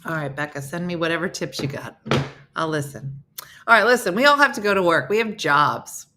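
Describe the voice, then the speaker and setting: A woman's voice: lowish voice, animated, fairly quick, sharp tone, slight background noise. A middle-aged woman with a New Jersey accent, hosting a casual live morning show and chatting with viewers in a self-mocking way.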